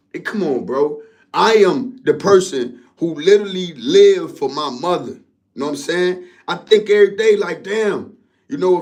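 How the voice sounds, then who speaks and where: A man's voice: high-pitched, a little mellow. A young man venting his grief to camera in a raw, profane monologue that keeps circling back on itself. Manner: profane, repetitive, keeps asking "you know what I'm saying". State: grieving, distraught.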